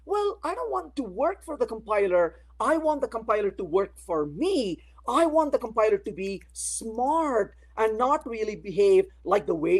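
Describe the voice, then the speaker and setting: A man's voice: very high-pitched, poor audio. A man giving a technical conference talk with live coding. He talks playfully, tells everyday anecdotes, asks the audience questions and uses many "uh, you know" fillers. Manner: addresses the audience directly with questions. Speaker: conference speaker.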